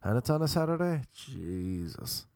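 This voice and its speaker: A man's voice: medium pitch, sing-song, normal speed, creaky, darkish tone, dry recording, clean studio sound. A young Irish man hosting a podcast, delivering a sweary, sardonic comedic rant in a casual monologue. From Ireland. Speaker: podcast host.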